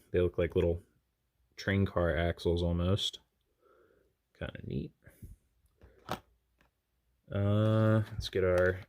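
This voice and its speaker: Man, very low voice, casual unboxing chat, thinks aloud, self-deprecating, indoors at a desk. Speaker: diecast collector channel host.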